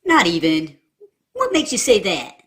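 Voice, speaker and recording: A woman's voice: medium pitch, wildly swooping pitch, measured pace, pitched below the performer's own voice. A woman voicing a boastful young boy who teases a girl. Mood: teasing.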